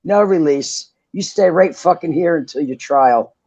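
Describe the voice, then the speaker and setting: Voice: medium pitch, measured pace, mellow, no echo, lo-fi sound. A podcast co-host in casual political chat, agreeing and chiming in with short remarks and swearing.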